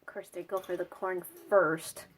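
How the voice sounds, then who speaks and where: A woman vlogging at home beside her birdcages, chatting playfully and cooing at her pet birds in a high, sing-song voice. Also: fairly even intonation, normal speed. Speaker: bird owner and vlogger.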